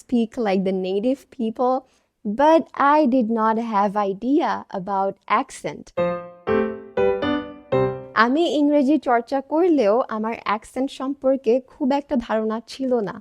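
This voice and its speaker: A woman's voice: fairly high pitch, racing, darkish tone, no room sound, faint music behind. A young adult woman vlogger telling a personal story in an earnest, conversational, reflective way. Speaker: English-speaking vlogger.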